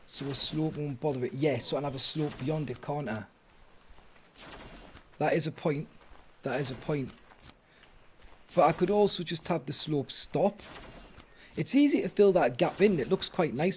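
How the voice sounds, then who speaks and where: A man's voice: a little high, darkish tone, slight background noise. A man streaming a survival game live, chatting to himself and his viewers in a rambling, self-mocking way. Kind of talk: live gameplay chat.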